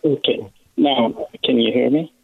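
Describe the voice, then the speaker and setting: A man from Texas calling in to a radio show from a library, asking plain questions quietly. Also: medium pitch, a little slow, slight background noise. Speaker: caller. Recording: gravelly voice over a tinny phone line.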